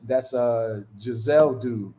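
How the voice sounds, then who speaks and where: A man's voice: mid-range voice, slow, dark tone, slight background noise. A man bantering casually and teasing his friend on a livestream. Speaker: friend on the stream.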